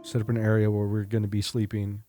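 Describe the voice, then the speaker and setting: A man playing a tabletop game, talking in a lively, joking way. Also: fairly low pitch, quick pace, over music. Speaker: player.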